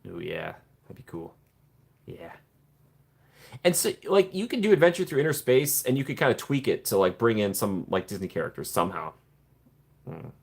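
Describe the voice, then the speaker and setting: A man hosting a casual live stream, chatting warmly with viewers and greeting them by name from the chat. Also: lowish voice, moderate pace, vocal fry, pauses often, breathy edge. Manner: playful put-on excited voices when joking. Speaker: livestream host reading chat.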